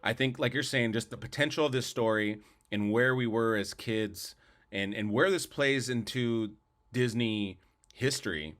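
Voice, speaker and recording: A man's voice: medium pitch, a little slow, a bit bright. Guy on a podcast rambling about movies, repeats himself a lot, pretty opinionated. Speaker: podcast co-host. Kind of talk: casual movie review chat.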